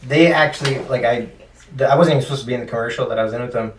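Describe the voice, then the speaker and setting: A man's voice: medium pitch, very fast, far from the mic. A man chatting casually as a guest on a talk show, rambling with lots of fillers. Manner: rambling, filler-heavy storytelling. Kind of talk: casual chat. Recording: roomy sound from off mic with background noise.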